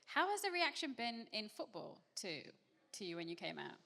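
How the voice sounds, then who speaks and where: A woman's voice: medium pitch, wildly swooping pitch, normal speed, vocal fry, pushed and bright. A woman interviewing a guest, asking questions and adding short encouraging replies. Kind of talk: casual interview. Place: large hall at a live event. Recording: long hall reverb.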